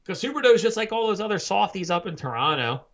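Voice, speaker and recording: Animated man ranting in lo-fi audio. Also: sits high, fast talker. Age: 30s. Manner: profane, heated ranting. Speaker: podcast co-host. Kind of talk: casual sports chat. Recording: dull lo-fi audio.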